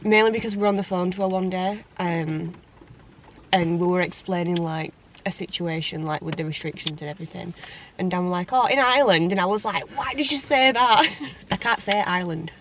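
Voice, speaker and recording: A young woman chatting in a casual vlog, giggly and excitable. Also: on the low side, brisk. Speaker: vlogger. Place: inside a car. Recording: loud car noise behind.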